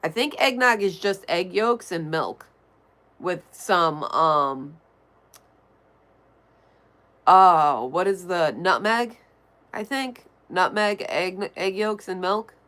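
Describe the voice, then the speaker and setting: Nasal, low-voiced woman streamer. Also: takes it slowly, fairly bright tone. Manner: chatty, reads and answers viewer messages aloud. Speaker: livestream host. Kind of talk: casual livestream chat, reading chat.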